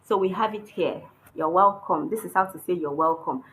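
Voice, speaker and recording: A woman's voice: on the low side, normal speed, a bit bright, slight background noise, low-quality recording. A woman teaching a beginners' Chinese lesson, explaining patiently while writing characters and often checking in with a questioning "hmm?". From Nigeria.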